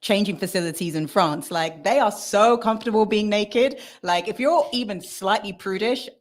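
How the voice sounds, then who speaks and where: A woman's voice: mid-range voice, moderate pace. Frank, amused woman co-host. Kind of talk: casual podcast chat.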